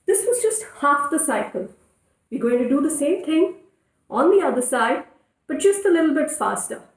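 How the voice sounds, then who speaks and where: A woman leading a children's yoga class in a playful, encouraging way, giving clear step-by-step instructions. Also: high-pitched, lively intonation, normal speed. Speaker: kids' yoga teacher. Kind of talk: guided kids' yoga instruction. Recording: echoey room, voice from a distance.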